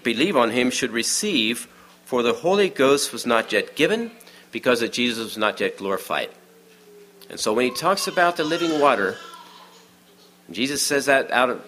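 A man giving a sermon in a conversational, storytelling way, often dropping to a hush for the quiet moments. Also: mid-range voice, a little hiss or hum. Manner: many restarts and fillers, informal aside. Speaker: preacher.

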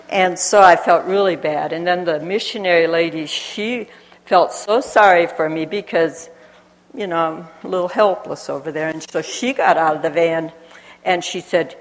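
A woman telling a personal story aloud, animated and acting out the voices of people she quotes. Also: lowish voice, moderate pace. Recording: long hall reverb.

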